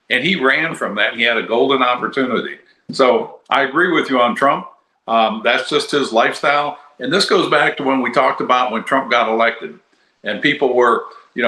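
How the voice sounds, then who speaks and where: A man's voice: medium pitch, expressive, normal speed, sharp tone. An older man and podcast co-host talking politics in a rambling, casual way with plenty of fillers. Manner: rambling, conversational, many fillers. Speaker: podcast co-host, former congressman. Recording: roomy echo.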